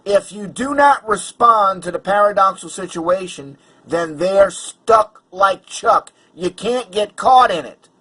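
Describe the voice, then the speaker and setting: A man's voice: high-pitched, expressive, measured pace, few pauses, pushed and bright, breathy edge, low-quality recording. A man vlogger telling a personal story in an agitated, emphatic way, stumbling over restarts. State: angry and worked up.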